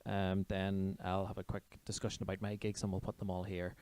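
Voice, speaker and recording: A man's voice: deep voice, flat delivery, brisk, a little mellow. A young man, co-hosting a comedy podcast in playful, joking casual chat.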